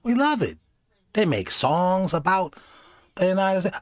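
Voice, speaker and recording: A man's voice: sits high, measured pace, no room sound, studio quality. A man hosting a reaction video, talking casually and jokingly, slipping into mocking voices. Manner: animated, jokey, does mocking voices.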